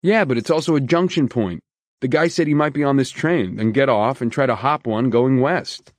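A man's voice: medium pitch, moderate pace, no echo, voice pushed up, close to an everyday voice. A man voicing a chatty, insistent male railroad loader in an audiobook. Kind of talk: audiobook character voice.

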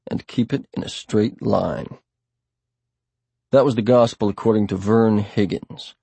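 A man narrating an audiobook in a steady, plain storytelling manner. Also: lowish voice, gravelly, breathy edge, no echo. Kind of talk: scripted narration.

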